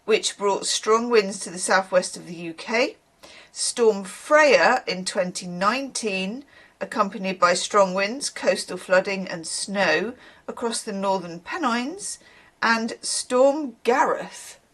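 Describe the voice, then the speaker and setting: Chatty woman with a lively voice. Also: mid-range voice, takes it slowly. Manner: chatty and rambling, with wry asides. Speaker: tarot reader. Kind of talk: casual chat to camera.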